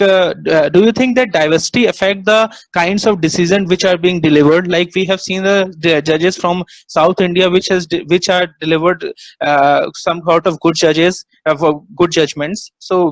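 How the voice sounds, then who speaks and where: A man's voice: fairly high pitch, steady tone, moderate pace, no echo, rough recording. A young man moderating a webinar, hesitantly reading out student questions and answering with yes, sir. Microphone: video call.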